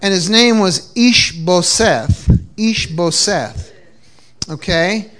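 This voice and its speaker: High bright-voiced male preacher. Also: animated, slow pace. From New England. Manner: call-and-response preaching, frequent repeated restarts. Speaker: pastor. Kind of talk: sermon. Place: church.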